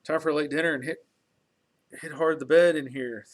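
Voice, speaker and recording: A man's voice: fairly high pitch, fairly even intonation, a little fast. A middle-aged man hosting a casual live stream from his home garage workshop, rambling in a folksy way with chuckles and restarts. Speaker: channel host on a live stream.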